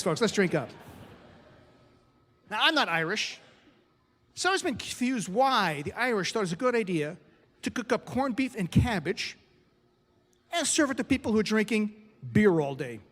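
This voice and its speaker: A middle-aged man from the United States performing a stand-up comedy set on a club stage, with punchy delivery and quick asides to the crowd. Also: high-pitched, a bit bright, in a large hall.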